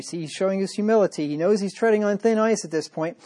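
A man's voice: high-pitched, quick pace, few pauses, dark tone. Guy preaching a sermon, reads bible verses then explains em, chatty, keeps saying right?. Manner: reads scripture aloud, then explains it plainly; conversational, with frequent "right?" and "you know". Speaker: pastor.

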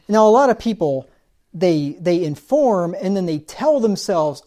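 A man's voice: high voice, very animated, measured pace, mellow. A man preaching a sermon, asking rhetorical questions and acting out the words of the people he describes.

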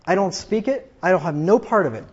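A man's voice: high voice, expressive, a little fast, slightly rough, lo-fi sound. Emphatic man preaching a sermon. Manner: emphatic, repetitive, combative preaching. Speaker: pastor.

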